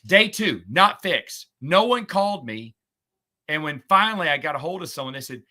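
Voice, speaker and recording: A middle-aged man in casual chat, a podcast host who talks in a sarcastic, chatty way and gets animated when retelling a story. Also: on the high side, moderate pace.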